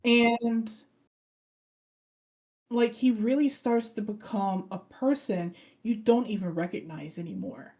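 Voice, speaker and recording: On a laid-back podcast, a female co-host with a highish voice talks slowly while energetically recounting an anime's story. She brings it to life by performing the characters' lines herself.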